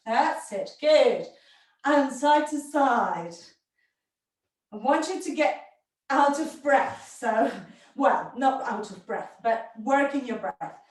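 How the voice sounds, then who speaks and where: A woman's voice: high voice, animated, takes it slowly, long pauses. A woman teaching a yoga class, giving short encouraging cues and breathing as she moves along with the class. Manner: encouraging cues in short commands, breathing and moving while talking. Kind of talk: live yoga class instruction. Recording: very echoey room, distant mic.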